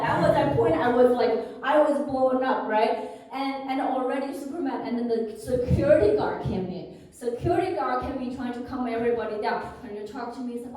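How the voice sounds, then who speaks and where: High-voiced Chinese-accented woman doing stand-up. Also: normal speed, a little hiss or hum. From China. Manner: animated storytelling with frequent laughter. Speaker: stand-up comedian. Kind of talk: stand-up comedy set. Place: live comedy venue. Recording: echoey room from far off.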